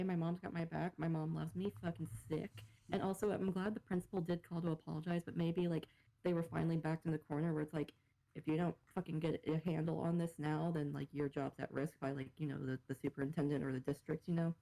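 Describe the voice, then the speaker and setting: A woman's voice: low-pitched, gravelly, dark tone, low-quality recording. A young woman co-hosting a podcast in casual chat, rambling, laughing and cursing freely, her voice a little worn. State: slightly losing her voice. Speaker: podcast co-host. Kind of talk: casual chat, reading posts aloud.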